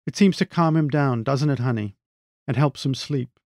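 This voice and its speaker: A man reading the lines of a plaintive grown daughter, raising his gravelly voice a little for her. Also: mid-range voice, normal speed, a little mellow, no room sound, clean studio sound, close to an everyday voice. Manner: plaintive, whinnying. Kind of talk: reading own short story aloud.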